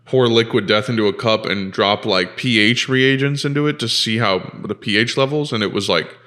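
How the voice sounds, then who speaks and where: A man's voice: fairly low pitch, normal speed, fairly bright tone. A man co-hosting a podcast in casual chat, laid-back and asking the others questions. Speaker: podcast co-host.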